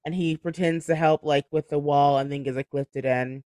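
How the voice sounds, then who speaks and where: A man with a fairly high voice hosts a relaxed book club podcast. He laughs often and strings his thoughts together with lots of "like". The sound is dry and close. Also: normal speed, no echo. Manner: chatty, laughs often, fills with "like". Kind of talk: casual chat.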